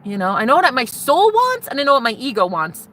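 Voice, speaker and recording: A woman's voice: high voice, sing-song, brisk, fairly bright tone. A woman talking to her viewers in a casual vlog, candid and profane, rambling emotionally and often restarting her sentences. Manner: self-interrupting, restarts often. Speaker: vlogger. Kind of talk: casual spiritual vlog monologue.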